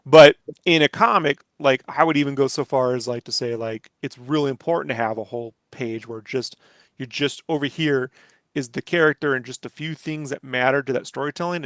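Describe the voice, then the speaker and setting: Here a man speaks at a medium pitch in a clean studio with no echo. He's a comic artist inking as he talks, drifting loosely from thought to thought, padding it with "like" and "you know," and swearing now and then.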